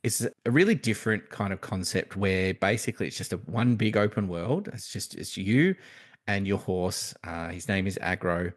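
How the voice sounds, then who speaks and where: A man's voice: sits low, moderate pace. A man co-hosting a podcast, talking in casual chat with many restarts and fillers. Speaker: podcast co-host.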